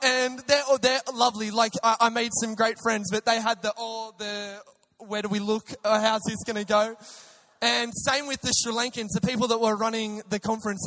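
A young man, a preacher, telling an excitable personal testimony story with many restarts. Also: high-pitched. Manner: animated, excitable, with frequent restarts.

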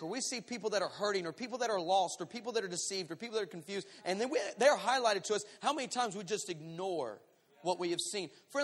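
High, bright-voiced preaching man. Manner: animated, acts out voices, shifts between shouting and hushed. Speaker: pastor. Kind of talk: storytelling sermon. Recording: long hall reverb.

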